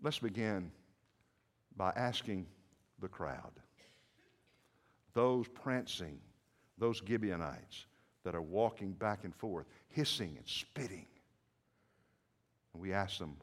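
A man preaching a dramatic sermon as a story, swinging from hushed murmurs to shouts. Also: deep voice, expressive, takes it slowly, long pauses. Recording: echoey hall with long reverb.

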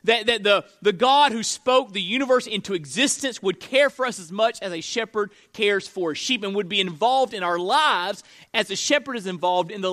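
High, bright-voiced man preaching. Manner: earnest preaching with repeated phrases and restarts. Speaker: pastor. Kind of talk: sermon.

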